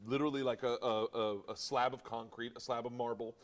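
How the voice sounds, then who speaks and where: A middle-aged man, a comedian, telling crude stories in an animated way and laughing at his own jokes. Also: mid-range voice, brisk. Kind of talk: comic storytelling.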